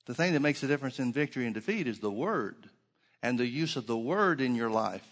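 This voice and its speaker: A man's voice: mid-range voice, animated, fairly quick, big-room sound. A man preaching a sermon, driving his points home with repeated phrases and rhetorical questions.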